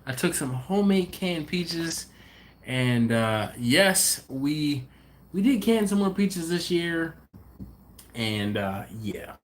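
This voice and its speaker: A man's voice: fairly high pitch, very animated, takes it slowly. A middle-aged man hosting a barbecue channel, chatting casually on a live stream and reading out viewer comments in a laid-back, slangy way.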